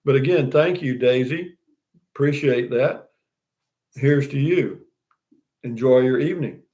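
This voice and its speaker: A man's voice: medium pitch, a little slow, warm tone. An older man with a Texan accent, hosting a casual live stream, reading viewer comments and chatting in a folksy, rambling way. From Texas. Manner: folksy, rambling, with frequent restarts and "you know what I mean".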